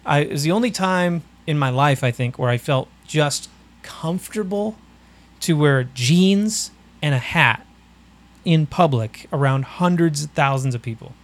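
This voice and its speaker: A man's voice: a little high, animated, a little slow. A man in his early thirties hosting a podcast, telling stories in casual chat with a laid-back manner and frequent laughs. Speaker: podcast host.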